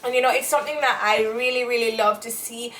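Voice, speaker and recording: A woman's voice: fairly high pitch, steady tone, fast talker, a bit bright. A woman from Jamaica with a Jamaican accent, co-hosting a casual chat and rambling with fillers and restarts. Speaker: co-host.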